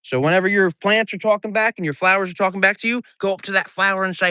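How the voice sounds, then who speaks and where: A man's voice: high-pitched, animated, fast, pushed and bright, dry recording, studio quality. A man who hosts a farm livestream, chatting casually, joking and swearing while he does chores outdoors. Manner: profane, joking and rambling. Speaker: farmer and livestream host.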